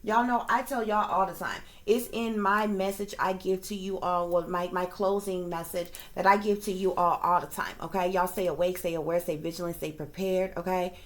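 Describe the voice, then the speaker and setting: A woman's voice: lowish voice, fairly even intonation, moderate pace, few pauses. Profane, emphatic woman ranting to viewers. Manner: profane, emphatic, keeps checking in with listeners. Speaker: psychic reader and video creator. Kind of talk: casual direct-to-camera rant.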